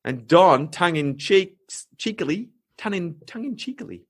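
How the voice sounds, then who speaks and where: Aussie guy rambling thru a story on a podcast, laughs a lot, slightly higher voice. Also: expressive, normal speed. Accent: Australian. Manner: chatty, laughs often, fillers. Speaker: podcast host. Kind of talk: casual storytelling chat.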